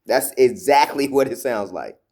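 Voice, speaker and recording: A man's voice: mid-range voice, normal speed. A man casually telling a personal spiritual story, rambling with many fillers and repeated words, acting out quotes as he goes. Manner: retells quotes in a lively animated way.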